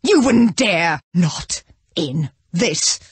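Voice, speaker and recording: A woman voicing a haughty, unhinged society lady in a video game, shrill and imperious, swinging between sighs and screams. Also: lively intonation, drawn-out words, husky, no echo, exaggerated voice. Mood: scornful. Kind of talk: video game character barks.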